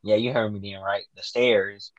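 Man, casual chat, profane, animated storyteller, dry close sound. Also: on the low side, moderate pace, no echo, dull audio. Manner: profane, animated, acts out quotes. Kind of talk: casual chat retelling a movie.

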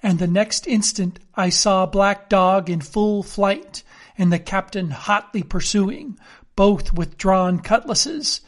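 Slow, measured male storyteller. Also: sits high. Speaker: audiobook reader. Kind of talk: reading a classic novel aloud.

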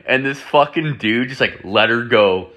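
Bright-voiced young man swearing through a story. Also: mid-range voice, a little slow. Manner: profane, rambling, heavy on "like" fillers. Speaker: podcast host. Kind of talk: casual storytelling.

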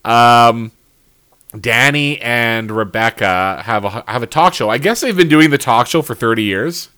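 A man of ordinary pitch chatting casually as a podcast co-host. He picks apart a TV episode with sarcasm, swearing and laughing as he goes. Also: expressive, a little slow, bright, forceful tone, clean tone. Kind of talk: casual chat.

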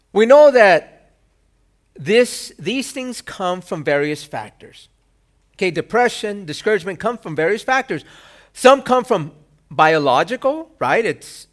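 A male pastor preaching a sermon. He asks rhetorical questions and acts out quoted lines with sudden loud bursts. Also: high-pitched.

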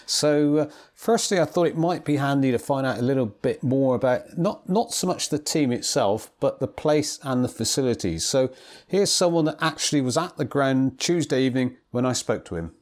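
A man hosting a local football radio show, chatting in a relaxed way and trailing off with fillers as he interviews guests. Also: mid-range voice, normal speed. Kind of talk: casual chat and interviewing.

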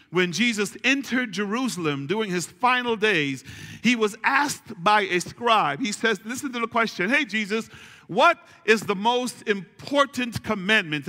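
A male pastor preaching a sermon, slowing down to stress key phrases and calling on the congregation to repeat after him. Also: high-pitched, pushed and bright. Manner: preaching with call-and-response, slow emphatic repetition. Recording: long hall reverb.

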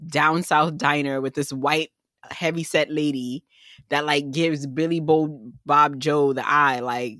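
A young New York woman tells stories in a loose, casual chat, lively and slipping into the voices of the people she quotes. Her voice sits low and moves at a normal speed. The recording sounds close and dry.

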